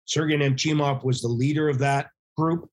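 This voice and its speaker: A middle-aged man, a former hockey goalie, telling animated anecdotes as a podcast guest and acting out quoted voices. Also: a little high, moderate pace. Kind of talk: casual storytelling interview.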